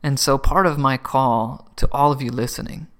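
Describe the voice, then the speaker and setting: A middle-aged man sharing his personal faith testimony in an earnest, emotional way, with soft laughs and words that drop to a whisper. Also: mid-range voice, normal speed. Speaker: Christian testimony speaker.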